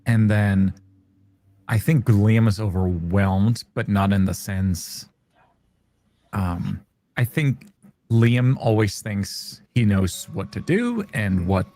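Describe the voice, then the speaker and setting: Slow, searching tabletop player. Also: male voice, lowish voice, warm tone. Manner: searching for words, full of "like" and "I think". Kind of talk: describing his character's feelings in a tabletop game.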